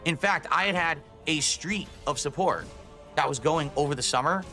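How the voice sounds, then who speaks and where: Brief: male game streamer, bright lively voice, furious profane rant, soft music behind. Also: on the high side, normal speed. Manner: angry, swearing, exasperated rants. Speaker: gaming streamer. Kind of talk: ranting game review over gameplay clips.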